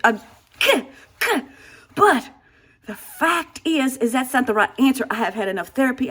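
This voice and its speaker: Her voice sits high with a fairly bright tone: a woman in her sixties, a comedic vlogger satirizing herself. She vents through a rambling, exasperated comic monologue, sighing frequently and starting over.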